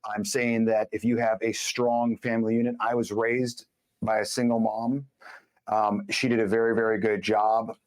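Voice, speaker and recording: A man as a podcast guest, speaking bluntly and emphatically in casual conversation, telling stories with quick asides. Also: fairly low pitch, level tone.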